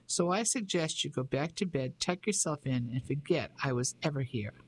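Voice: medium pitch, expressive, normal speed, slightly rough. A reader voicing a cocky teasing fisherman. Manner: mocking, self-assured. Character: cocky teasing local fisherman, grown man. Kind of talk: audiobook character voice.

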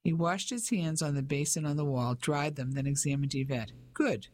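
An audiobook narrator reading in an even, measured way. The pitch sits in a middle range. The storytelling is steady and unhurried. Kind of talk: scripted narration.

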